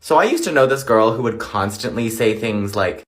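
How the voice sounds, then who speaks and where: A man's voice: mid-range voice, expressive, fast talker, fairly bright tone. A man with a mid-range voice, telling a casual storytime. He is sassy and punchy, jumping into mocking impressions of the people in his story.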